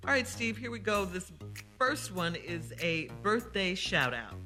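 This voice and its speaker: A woman co-host on morning radio, introducing the voicemail segment with a bright, lively delivery. Music sits faintly under her voice. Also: mid-range voice, measured pace.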